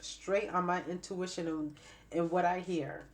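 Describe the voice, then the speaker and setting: A woman giving a spiritual tarot reading to camera with a stuffy nose and raspy throat, repeating phrases emphatically like preaching. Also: fairly low pitch, steady tone, unhurried. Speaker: tarot reader.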